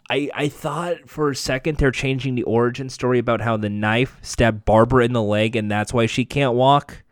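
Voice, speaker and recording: A man's voice: mid-range voice, clean tone, dry recording. Casual rambling man, dry close sound. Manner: rambling, self-correcting, offhand swearing. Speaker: TV episode recapper. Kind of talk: casual spoken recap and review.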